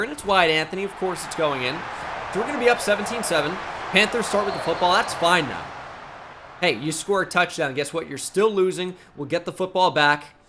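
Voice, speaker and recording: A man giving live play-by-play commentary on a football video game, excitable and shouting at big plays. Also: on the high side, noisy background. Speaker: gaming YouTuber.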